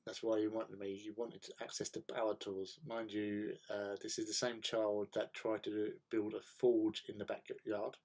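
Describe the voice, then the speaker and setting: A man hosting a casual hobby livestream, chatting in a relaxed way and answering viewers' chat while he paints. He often repeats words as he thinks. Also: on the low side, moderate pace, hardly any pauses. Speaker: livestream host.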